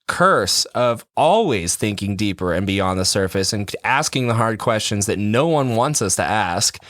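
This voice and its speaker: A man's voice: on the low side, lively intonation, unhurried, a bit bright, dry recording, clean studio sound. A man chatting on a podcast in a rambling, self-mocking way, often breaking into laughs. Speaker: podcast co-host. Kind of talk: casual podcast chat.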